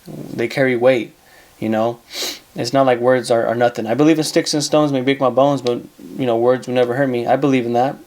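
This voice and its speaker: A man's voice: mid-range voice, steady tone, a little fast, darkish tone. A man with a mid-range voice hosts a casual advice monologue on his own. He talks bluntly, swears freely and says things twice to drive a point home. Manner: blunt, profane, repeats himself for emphasis. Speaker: advice show host.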